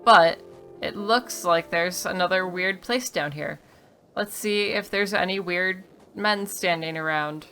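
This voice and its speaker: A woman's voice: lowish voice, pushed and bright. A woman giving casual, wry commentary on a game she is playing, reading the dialogue aloud and joking about it. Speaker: let's play streamer.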